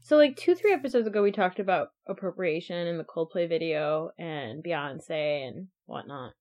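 A young woman co-hosting a podcast, telling stories in a chatty, animated way full of "like.". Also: fairly low pitch, normal speed. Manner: chatty, animated storytelling with many "like" fillers. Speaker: podcast co-host. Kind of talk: casual chat. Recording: dull lo-fi sound.

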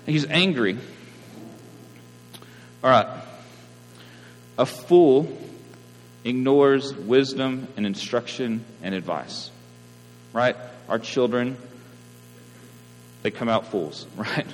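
A man, preaching a sermon in a conversational way and often checking in with listeners. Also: medium pitch. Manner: conversational preaching with frequent "right?" asides. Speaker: pastor. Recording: reverberant hall, mains hum.

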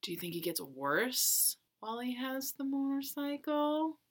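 A woman from Wisconsin co-hosting a podcast, animated and laughing, swearing casually while retelling a movie. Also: high-pitched, a little slow. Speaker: podcast co-host. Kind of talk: casual movie recap chat.

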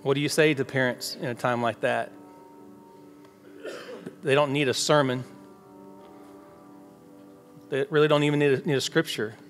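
A man's voice: medium pitch, fairly even intonation, normal speed, long pauses. A man preaching a conversational sermon as pastor, acting out everyday dialogue in quoted voices. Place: church sanctuary. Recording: long hall reverb with faint music behind.

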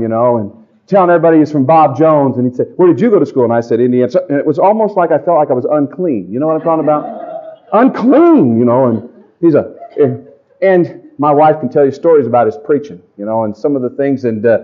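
Middle-aged guy preaching his testimony at camp, chatty and lively, muffled old recording. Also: medium pitch. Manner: folksy, animated storytelling to a congregation. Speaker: pastor. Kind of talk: sermon testimony. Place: church or camp meeting. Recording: dull lo-fi live recording.

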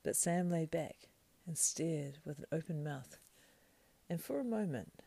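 A woman reads a fantasy story aloud, slow and hushed, slipping often into breathy whispers. Her voice is very low and dark with a gravelly creak. The sound is close and dry. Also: animated, dry recording. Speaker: reader. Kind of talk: soft, partly whispered fantasy book reading.

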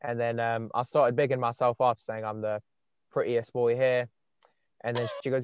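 A man's voice: medium pitch, fairly even intonation, normal speed, smooth, dry recording. Young man, laid-back storyteller, dry close sound, muffled. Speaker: podcast host and dating coach. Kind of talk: casual podcast chat. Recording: dull muffled podcast sound.

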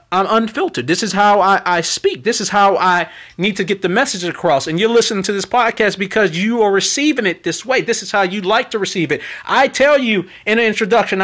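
Man, high voice, podcast host, unfiltered monologue, preachy, repetitive, pleading. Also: fairly bright tone. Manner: pleading for support.

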